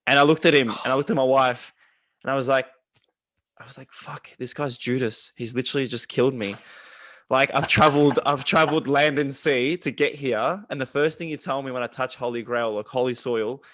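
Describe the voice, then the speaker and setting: A man's voice: mid-range voice, brisk, dry recording. A man with an Australian accent hosting a casual podcast chat, telling stories with lots of swearing. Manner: animated storytelling with lots of swearing. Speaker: podcast host.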